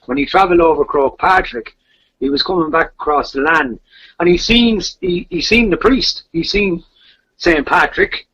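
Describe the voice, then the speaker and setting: Male storyteller, gravelly and husky, lively pitch, casual legend retelling, lo-fi sound. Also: normal speed. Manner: animated retelling of a legend, repeats words and restarts. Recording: dull lo-fi recording.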